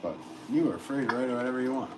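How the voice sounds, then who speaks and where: A man's voice: mid-range voice, lively intonation, quick pace. A man chatting casually on a live stream from his pottery studio, reading viewer comments aloud and answering with easy laughs. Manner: easygoing, reads viewer comments aloud and chats back with soft laughs. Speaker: potter live-streaming while throwing pots. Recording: noisy live-stream audio with clear background hiss.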